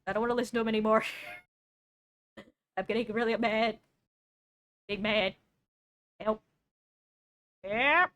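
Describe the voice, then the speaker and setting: A woman's voice: on the high side, fairly even intonation, slow, pauses often, fairly bright tone. A young woman streaming, reacting to a video with casual, sarcastic jokes. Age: young adult. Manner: joking, sarcastic asides.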